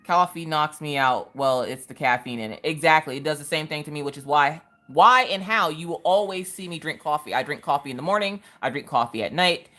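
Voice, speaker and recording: Chatty woman with a low, lively voice. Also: brisk, hardly any pauses. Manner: chatty, greets viewers, tells stories. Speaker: livestream host. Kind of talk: casual livestream chat.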